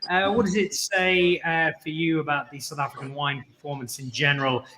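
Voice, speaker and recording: A man's voice: a little high, flat delivery, brisk, sharp tone, roomy sound, a little hiss or hum. A man hosting a live wine show, chatty and upbeat, who introduces guests and jokes with them. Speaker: show host.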